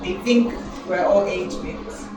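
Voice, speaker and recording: A young woman giving a motivational public speaking lesson to a live audience, animated and quizzing the listeners with questions. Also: medium pitch, slow pace, over music. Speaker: elocution and public speaking trainer. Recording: very echoey hall, voice from far off.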